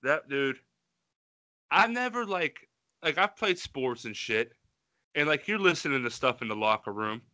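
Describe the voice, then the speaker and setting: A man co-hosting a podcast, tearing into songs he hates with a loose, profane, rambling delivery. His voice is very bright and tense, recorded dry and close with no room sound. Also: mid-range voice, animated, measured pace, pauses often, no echo. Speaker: podcast co-host. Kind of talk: casual chat.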